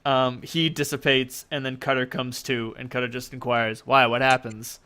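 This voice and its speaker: A man runs a tabletop game as its game master. His voice is bright and forward, and he tells the story loosely, rambling with many fillers. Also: medium pitch, steady tone, moderate pace, smooth.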